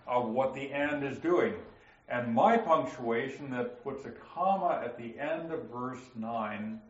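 A man lectures slowly to a class, walking through grammar point by point and reading scripture aloud. His voice sits in a roomy space with a slightly dull, muffled recording. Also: mid-range voice. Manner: methodical, explains step by step, reads passages aloud. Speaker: Bible teacher.

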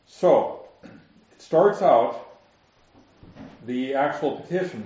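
A man's voice: medium pitch, animated, a little slow, darkish tone. A man teaching a Bible study, reading scripture aloud, explaining it and asking his listeners questions. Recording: very echoey muffled room recording.

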